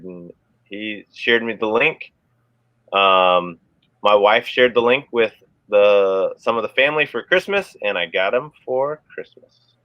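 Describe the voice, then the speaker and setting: A man talks casually as co-host of a live chat, drifting through a story with lots of "um"s and "uh"s. His voice sits at an ordinary middle pitch. The sound is dull and lo-fi, with no room echo. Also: measured pace. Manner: rambling, filler-heavy storytelling.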